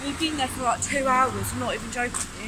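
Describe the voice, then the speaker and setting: Young man, fresh-piercing lisp, dry humor, high animated voice, noisy outdoor phone audio. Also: quick pace. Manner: dry, joking, low-key. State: lisping from a fresh tongue piercing.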